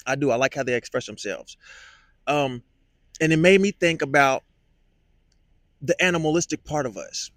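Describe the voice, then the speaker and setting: A man muses in a rather high voice, working through his thoughts out loud with halting restarts and many fillers. The sound is dry and close, with no room echo. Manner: musing, halting, repeats words with many fillers. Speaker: vlogger. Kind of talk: reflective monologue.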